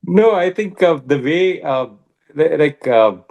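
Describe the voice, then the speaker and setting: A middle-aged Indian man, a badminton coach, answering interview questions in a measured way with frequent "uh" pauses. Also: fairly high pitch, animated, gravelly, muffled recording. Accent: Indian English. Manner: measured, many pauses and "uh" fillers.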